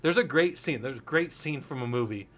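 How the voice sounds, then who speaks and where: A man's voice: medium pitch, animated, brisk, fairly bright tone, faint music behind. Blunt, swearing Linux instructor in his 40s. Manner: candid, swears freely, rambling anecdotes. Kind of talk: casual technical lecture.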